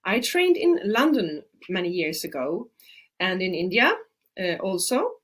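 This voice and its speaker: Swedish woman, native swedish speaker, middle-aged, hosting a webinar, chatty with many fillers, lively swooping pitch. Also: a little slow. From Sweden. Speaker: Ayurvedic practitioner hosting a webinar. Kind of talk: casual webinar talk.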